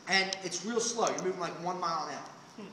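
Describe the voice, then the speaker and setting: A man's voice: high-pitched, brisk, roomy sound, noisy background. A man telling a comic story live, rambling with many fillers and restarts.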